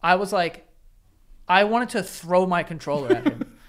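A man's voice: high-pitched, lively intonation, normal speed, fairly bright tone. A man co-hosting a casual podcast, chatting loosely, swearing now and then and chiming in with jokes. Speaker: podcast co-host. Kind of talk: casual chat.

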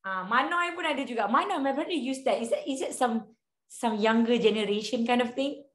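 Brief: chatty Malaysian woman English teacher, high voice, roomy echo. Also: a little fast. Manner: chatty, mixes English and Malay, laughs often. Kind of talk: online class lesson.

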